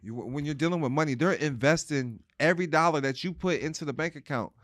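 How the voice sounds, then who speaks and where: A man's voice: on the high side, quick pace, fairly bright tone, no echo. Earnest man explaining, dry sound. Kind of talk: casual conversation.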